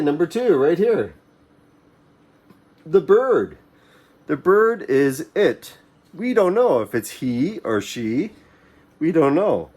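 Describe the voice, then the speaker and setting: A man teaching a children's English reading lesson, reading short phrases slowly and clearly for the class to repeat. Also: fairly high pitch, mellow.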